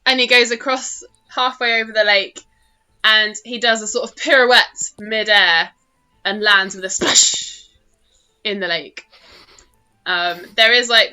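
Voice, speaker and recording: Bright-voiced British woman running a game. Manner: lively storytelling, acts out small characters in high shouts. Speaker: game master. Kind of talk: narrating a tabletop game.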